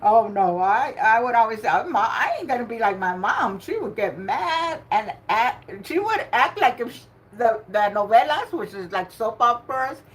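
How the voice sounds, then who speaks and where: A woman's voice: on the high side, sing-song, moderate pace, hardly any pauses. An older woman hosting a casual livestream bingo game. She chats and laughs often, and greets her viewers by name. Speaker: livestream host running bingo. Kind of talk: casual live chat.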